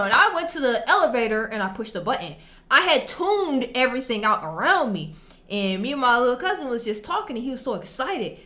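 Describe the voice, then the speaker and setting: A woman's voice: a little high, very animated, brisk, bright, forceful tone. A young adult woman telling a story and reacting to posts in a casual, slangy and emphatic way. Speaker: vlogger reacting to online posts.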